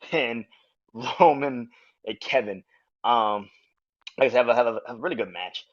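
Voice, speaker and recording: Profane, animated man reviewing wrestling. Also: mid-range voice, normal speed, pauses often. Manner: animated, profane, acts out quotes in raised voices. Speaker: podcast host. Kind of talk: casual match review. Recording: dull lo-fi audio.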